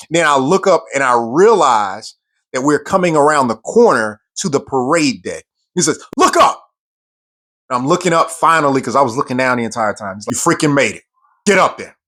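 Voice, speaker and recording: A man's voice: medium pitch, a bit bright. A man, a military veteran, telling a personal story in an earnest, emphatic way, often repeating words for stress.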